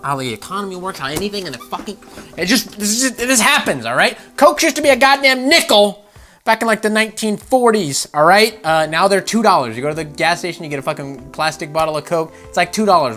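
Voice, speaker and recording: A man hosting a gaming channel, ranting about game news with swearing and laughter, jumping from loud outbursts to low mutters. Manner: animated, profane, laughing, swings between loud outbursts and mutters.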